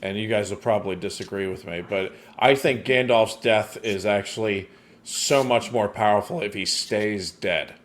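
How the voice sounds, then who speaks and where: A man's voice: fairly low pitch, moderate pace. A man co-hosting a casual movie review chat, playfully spinning out hypothetical scenarios. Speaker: podcast co-host.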